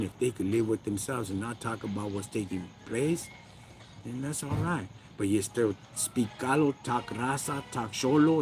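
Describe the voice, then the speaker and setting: A man with a Chicano accent hosting a casual livestream, ranting in street slang and talking back to his chat. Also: mid-range voice. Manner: slangy, preachy, talks to chat. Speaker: livestream host. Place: backyard.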